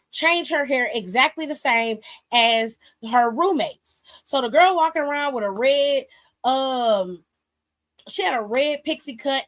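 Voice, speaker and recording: A woman hosting a wrestling aftershow, recapping with sassy, animated and profane storytelling. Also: fairly high pitch. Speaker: aftershow host. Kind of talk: casual recap chat. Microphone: streaming mic.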